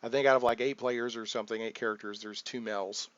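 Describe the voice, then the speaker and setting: A man's voice: mid-range voice, steady tone, quick pace, fairly bright tone. A man who runs a tabletop game, chatting loosely about his sessions with lots of restarts and fillers. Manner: rambling, full of restarts and fillers, acts out players' lines. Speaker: game master, channel host. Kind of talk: casual talk about running a tabletop game. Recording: dull muffled sound, dry.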